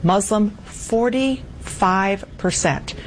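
A woman's voice: medium pitch, takes it slowly, slight background noise, poor audio. A woman anchoring a cable news panel, earnest and matter-of-fact as she goes through poll numbers.

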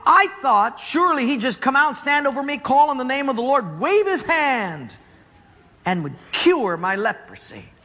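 A man's voice: high voice, wildly swooping pitch, moderate pace, sharp tone, breathy edge, heavily acted. A man voicing a furious, proud army general who scoffs and complains indignantly, heard with long hall reverb. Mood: outraged.

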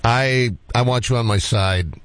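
A man hosting a casual interview, asking questions in a relaxed, conversational way. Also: medium pitch, unhurried, poor audio.

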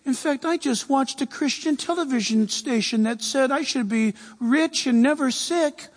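A man putting on a whiny, self-pitying sick man who complains in a raised, husky voice. Every phrase sounds put upon. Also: very high voice, normal speed, in a large hall, pitched above the performer's own voice.

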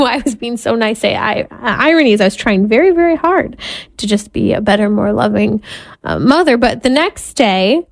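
A woman's voice: fairly high pitch, expressive, normal speed. A woman in her thirties, a Catholic mother, telling a candid personal story in an earnest way and laughing at herself now and then. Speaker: Catholic mother and podcast host.

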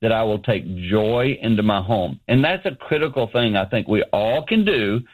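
A man's voice: on the low side, moderate pace, low-quality recording. Earnest middle-aged man telling a story. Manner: earnest, anecdotal, animated quoting. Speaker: ministry founder, guest. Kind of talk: storytelling radio interview. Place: his office.

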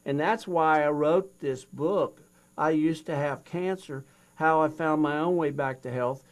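Older guy on an interview, telling his story, does both voices in the dialogue, kinda high voice. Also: measured pace. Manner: animated retelling, acts out both sides of a dialogue. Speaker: guest.

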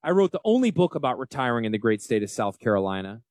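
A man in his forties with a Northern US accent, hosting a radio talk show on financial planning. He talks loudly and energetically, joking and yelling into a close mic. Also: medium pitch, big pitch swings, fast talker, dry recording. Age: 40s. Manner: loud, yelling. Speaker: financial advisor radio host. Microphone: close studio mic.

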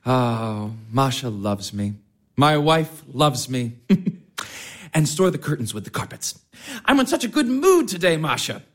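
A chatty, self-satisfied schoolteacher, played by a man. His voice bounces around with lively pitch. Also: a little slow. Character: fussy, cheerful schoolteacher husband. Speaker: teacher. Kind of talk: stage-play radio acting.

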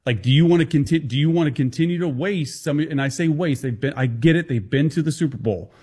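A man appearing as a football analyst guest on a sports talk show, talking fast and confidently with quick restarts. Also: on the high side, darkish tone, breathy edge.

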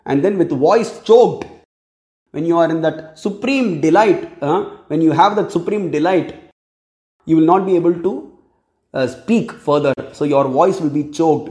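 A man giving a scripture discourse, chanting verses slowly and then explaining them in plain speech. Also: a little high, mellow, reverberant. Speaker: scripture teacher.

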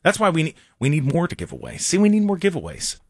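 A man hosting a casual sports talk show, excitable and rambling, with a sarcastic streak. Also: on the high side, fast talker, dry recording, clean studio sound. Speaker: sports radio host.

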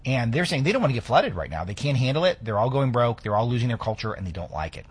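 A man's voice: mid-range voice, very animated, fast, breathy edge. A man hosting a political talk radio show, delivering sarcastic, indignant commentary.

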